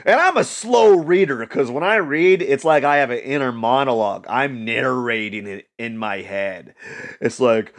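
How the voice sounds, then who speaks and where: Gravelly-voiced man rambling casually. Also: medium pitch, moderate pace. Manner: rambling, self-amused, lots of fillers and restarts; mocks others in silly put-on voices. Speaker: vlogger.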